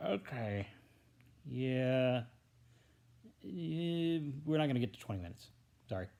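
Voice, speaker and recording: A man's voice: mid-range voice, sing-song, slow pace, gravelly, long pauses, dark tone. A man talking alone into a handheld tablet camera in a rambling, casual vlog. He is hesitant and stammers, with many fillers and trailing thoughts. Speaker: vlogger. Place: alone at home, indoors. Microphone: tablet held at arm's length.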